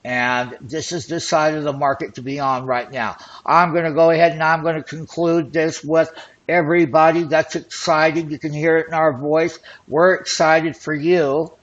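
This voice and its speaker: A man hosting an options trading show, talking excitedly and boastfully as he walks through call and put charts. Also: fairly high pitch, moderate pace, dull audio. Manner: excited, boastful, hype-driven patter. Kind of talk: screen-share trading commentary.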